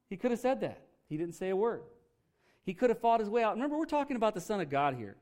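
Emphatic higher-voiced male pastor preaching. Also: big pitch swings, fast, a little mellow. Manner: emphatic and folksy, full of rhetorical questions. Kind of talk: sermon.

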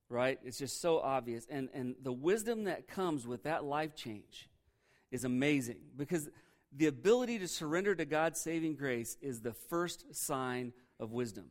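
A male pastor with a somewhat high voice delivers a sermon in a relaxed, conversational style. He keeps asking the congregation questions as he goes and stays easygoing throughout. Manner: conversational preaching, asks the congregation questions, laughs at himself.

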